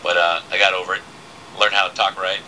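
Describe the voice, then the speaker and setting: Chatty bright-voiced male radio host. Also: low voice, level tone, quick pace, a little hiss or hum, low-quality recording. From southern United States. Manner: chatty, many fillers and restarts. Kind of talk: casual radio interview.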